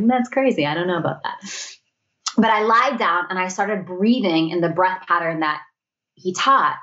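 A woman's voice: fairly low pitch, a bit bright. Earnest woman telling her story, muffled sound. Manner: earnest, reflective, often quotes her own thoughts. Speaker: guest. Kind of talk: candid storytelling in conversation.

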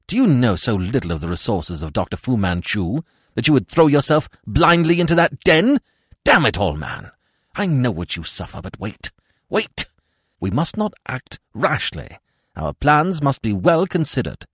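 A man voicing a stern, commanding male detective who speaks with clipped, forceful urgency. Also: mid-range voice, huge pitch swings, unhurried, breathy edge, no echo, studio quality, voice pushed up, full character voice. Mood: harsh.

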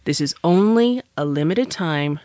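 A woman's voice: sits low, expressive, a little slow, warm tone, dry recording, studio quality. A woman giving a bubbly, exclamatory message full of tips for fellow business moms. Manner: bubbly, exclamatory, chatty with big swings in pace. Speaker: business owner sharing tips. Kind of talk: recorded guest message for a podcast.

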